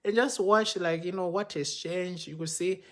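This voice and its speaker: A man telling his own story live over a phone, his voice sitting a little higher than most men's. He plays out the exchanges he recounts, rising and quickening when he quotes others. It is a casual, unscripted account. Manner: animated retelling, acting out quoted exchanges. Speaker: pastor. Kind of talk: personal storytelling on a livestream. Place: home, speaking to a phone for a live video. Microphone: phone microphone.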